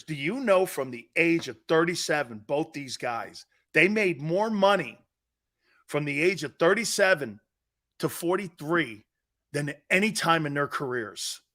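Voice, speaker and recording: Loud, lively sports talk host. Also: male voice, a little high. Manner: loud, sarcastic, shouts and laughs mid-rant. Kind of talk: sports talk radio rant.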